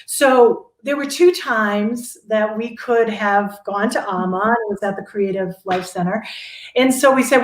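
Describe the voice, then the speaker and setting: Animated woman telling a story, echoey room. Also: on the high side, measured pace. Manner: animated, laughing, acts out quotes. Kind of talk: casual storytelling chat. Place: Sedona, Arizona.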